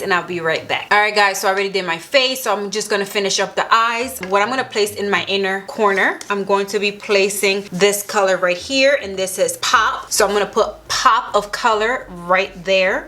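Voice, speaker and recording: A woman's voice: medium pitch, pushed and bright, a little hiss or hum. A young woman vlogger narrating a makeup tutorial, gushing and enthusiastic as she applies products. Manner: gushing, enthusiastic, talks while applying makeup. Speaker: beauty vlogger.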